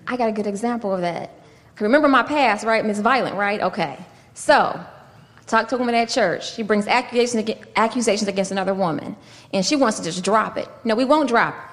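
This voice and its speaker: A woman's voice: medium pitch, a little fast. Storytelling woman preacher, echoey hall. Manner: lively storytelling with acted-out dialogue. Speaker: pastor. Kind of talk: sermon teaching.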